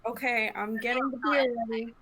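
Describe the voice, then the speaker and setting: A woman's voice: fairly high pitch, fairly even intonation, fairly quick, fairly bright tone, slight background noise, poor audio. A woman playing a tabletop game, chatting in an easygoing, agreeable way. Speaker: player. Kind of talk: casual tabletop game chat.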